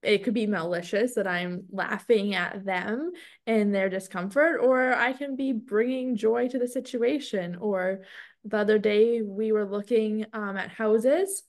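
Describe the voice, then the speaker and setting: A woman in her thirties co-hosting a podcast, telling a story with lots of fillers and frequent laughter. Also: on the high side. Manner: storytelling, animated, laughs often, many "like" fillers. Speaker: podcast co-host. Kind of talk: casual podcast chat.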